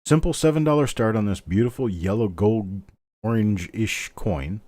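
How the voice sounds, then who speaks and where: A man's voice: on the low side, normal speed, a little mellow, dry recording. A middle-aged man hosting a live online coin auction, calling bids steadily and chatting between lots. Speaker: auctioneer host.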